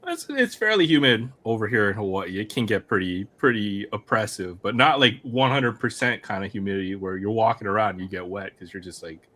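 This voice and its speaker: Low-voiced easygoing man. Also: lively intonation, fairly quick, few pauses, a bit bright. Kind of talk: casual chat.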